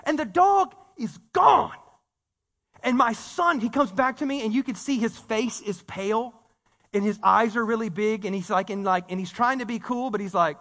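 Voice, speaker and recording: High-voiced preacher in a hall. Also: male voice, moderate pace. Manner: storytelling, animated, repeats words, casual slang. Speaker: pastor. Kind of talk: sermon. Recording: long reverb of a church hall.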